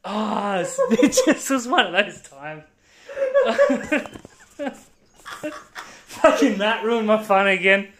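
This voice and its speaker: A man's voice: sits high, big pitch swings, very slow, long pauses, a bit bright, a little hiss or hum. A young Australian man co-hosting a podcast, swearing and laughing a lot in casual banter. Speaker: podcast co-host.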